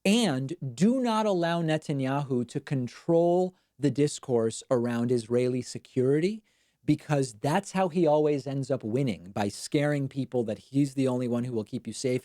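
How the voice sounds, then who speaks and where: A man's voice: mid-range voice, dark tone, no room sound, clean studio sound. Wry man hosting a live stream. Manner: casual, quick and wry, self-deprecating asides. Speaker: show host. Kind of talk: live-stream political commentary and reading viewer chats.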